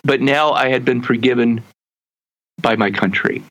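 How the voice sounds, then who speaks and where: A man, a guest in an interview, telling his life story earnestly and haltingly, with frequent restarts and slowing down to stress his message. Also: mid-range voice, fairly bright tone, rough recording.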